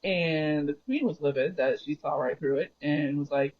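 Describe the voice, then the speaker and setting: A man's voice: fairly high pitch, moderate pace, breathy edge. A man streaming a game and casually retelling a story, rambling and often correcting himself mid-sentence. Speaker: gaming livestreamer. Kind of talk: casual storytelling while gaming. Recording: dull lo-fi recording.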